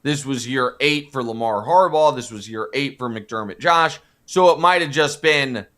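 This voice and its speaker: A man in a sports debate, making his point in a measured, deliberate way. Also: mid-range voice, fairly bright tone. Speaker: sports commentator.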